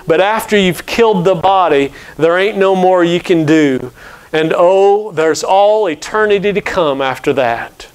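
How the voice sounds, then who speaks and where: Brief: a man doing a faithful old man, earnest and pleading, slow and measured, smooth clear voice, read from the pulpit. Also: high-pitched. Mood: steadfast. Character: old, pious enslaved man, calm and steadfast.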